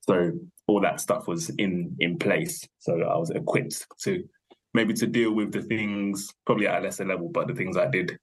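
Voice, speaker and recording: A young man, a podcast guest thinking aloud in a relaxed, rambling way, full of fillers and self-corrections. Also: sits low, moderate pace, husky. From London, England. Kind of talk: casual conversational interview.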